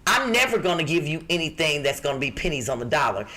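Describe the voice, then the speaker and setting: A middle-aged woman from the Midwest with a rough-edged voice, co-hosting a podcast and reading out job listings in a brassy, emphatic, joking way. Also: low voice, sing-song, fast, bright, forceful tone. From Chicago. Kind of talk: lively podcast chat.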